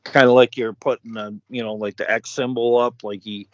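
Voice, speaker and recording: A man co-hosting a podcast, talking casually in a halting way, full of "like" and "you know.". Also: mid-range voice, little pitch movement, no echo. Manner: halting, filler-heavy, lots of "like" and "you know". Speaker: podcast co-host. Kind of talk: casual review chat. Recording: dry, dull lo-fi sound.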